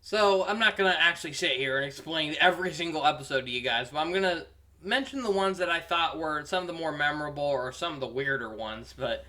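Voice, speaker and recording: A young man giving a casual, rambling review, amused and full of pauses. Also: fairly high pitch, lively intonation, bright, forceful tone. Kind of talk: casual commentary.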